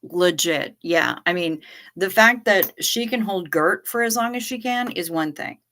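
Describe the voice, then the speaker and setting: A woman hosting a livestream from home, her talk loose, candid and full of swearing. She speaks in an unhurried drawl with a bright, forceful edge to her voice. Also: fairly low pitch, lively intonation, a little hiss or hum. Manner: profane, candid and rambling. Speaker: livestream host. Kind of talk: casual livestream chat.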